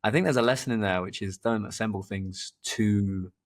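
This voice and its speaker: With a voice on the low side and a normal speaking speed, an English man hosts a podcast and spins loose, rambling stories. A performance coach by trade, he repeats words and livens up when recounting anecdotes.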